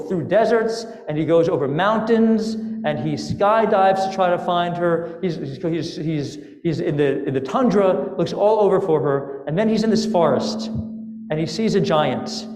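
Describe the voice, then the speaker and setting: A male rabbi telling a fable in his sermon, in a casual, animated way. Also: a little high. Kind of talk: storytelling sermon. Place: synagogue sanctuary. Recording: echoey sanctuary with long reverb.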